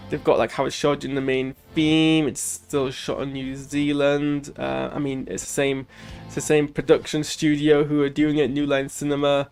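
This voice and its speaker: Gravelly man rambling through a reaction. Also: fairly high pitch, level tone, normal speed, a little mellow, faint music behind. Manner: rambling, with many "like"s and restarts. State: ill. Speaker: channel host reviewing a show. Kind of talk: casual post-watch reaction.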